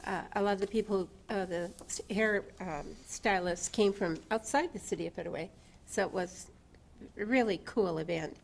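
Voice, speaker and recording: A woman's voice: medium pitch, normal speed, gravelly. A woman on a city council giving her report, hesitant and full of fillers. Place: council chamber.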